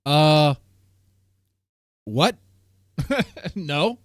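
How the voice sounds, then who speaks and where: Reaction host, disbelieving and questioning, slightly high lively voice. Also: male voice, drawn-out words, no echo, studio quality. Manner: incredulous, questioning, laughs at the clip. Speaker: streamer host reacting to a clip. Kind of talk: reaction commentary.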